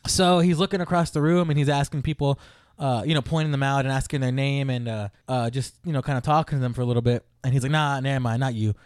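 A man casually telling a story on a podcast, animated and profane, laughing often. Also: medium pitch, quick pace, dry recording, studio quality.

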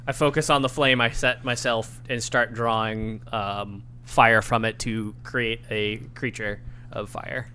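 A man playing a tabletop role-playing game, chatting casually and asking animated rules questions. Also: mid-range voice, a little hiss or hum. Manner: animated, quick questions and laughs.

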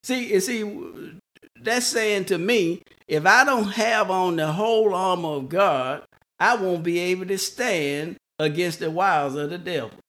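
A man preaching a sermon, slow and repetitive, restarting words for emphasis. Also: sits high, fairly bright tone.

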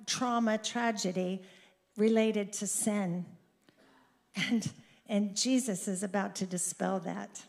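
A middle-aged woman giving a sermon, earnest and slow, who grows animated at points of emphasis. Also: on the high side. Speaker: speaker giving a devotional.

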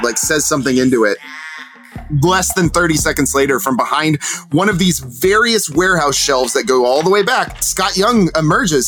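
A man's voice: a little high, a bit bright. A man narrating a tabletop game as game master, casual with fillers.

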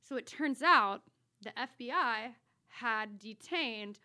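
A woman guest telling a wild personal story in a podcast studio, animated, swearing freely and laughing as she goes. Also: on the high side, slow pace. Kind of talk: casual storytelling.

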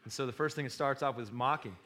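A man preaching a sermon to his congregation, passionate and full of rhetorical questions, swinging between loud bursts and hushed asides. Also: medium pitch, rapid-fire. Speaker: pastor.

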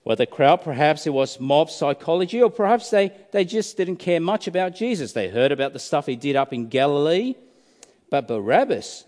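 A man's voice: fairly high pitch, big pitch swings, moderate pace, a little mellow. A male preacher giving a sermon, telling a story dramatically and asking many rhetorical questions. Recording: reverberant hall.

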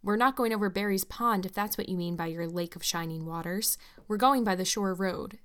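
A woman's voice: mid-range voice, fairly quick, fairly bright tone, lightly acted. A woman voicing a strict older guardian who speaks curtly and dryly in a storybook reading. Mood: stern. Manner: curt, dry.

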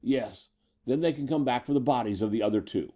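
A man's voice: medium pitch, brisk, warm tone, close to an everyday voice. A man voicing an older male scientist who speaks matter-of-factly.

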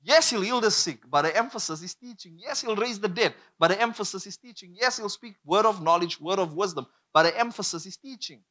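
High, bright-voiced preacher. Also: male voice, animated, fairly quick, hardly any pauses. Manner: emphatic, repetitive preaching with call-and-response. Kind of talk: sermon.

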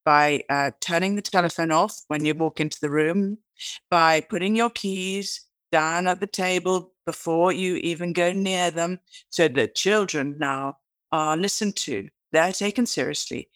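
Animated British woman telling stories. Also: on the low side, a little slow, no room sound. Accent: British English. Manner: animated storyteller who acts out quoted lines; chatty, restarts and repeats words. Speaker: guest author. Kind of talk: interview conversation.

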